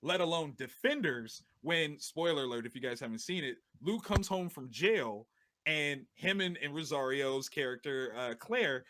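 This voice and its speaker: A man guest on a podcast, telling a story in an animated, slangy way and often laughing as he talks. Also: a little high, moderate pace.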